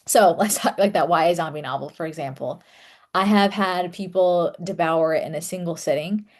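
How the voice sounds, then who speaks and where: Chatty young woman, fairly low voice. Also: normal speed. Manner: chatty, many fillers and laughs. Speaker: author and content creator. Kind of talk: casual solo talk to camera.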